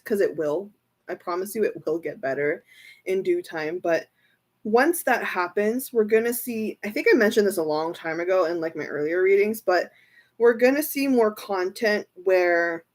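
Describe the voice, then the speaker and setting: Giggly young woman, slow and chatty. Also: mid-range voice. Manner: giggly, excitable, laughs often between phrases. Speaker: tarot reader. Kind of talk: casual livestream tarot reading.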